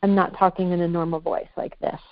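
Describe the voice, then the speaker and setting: A woman's voice: fairly low pitch, level tone, a little fast. Candid, reflective woman on a lo-fi line. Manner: candid and reflective, searching for words. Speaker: podcast guest. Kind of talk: candid casual conversation. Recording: muffled, dry, lo-fi.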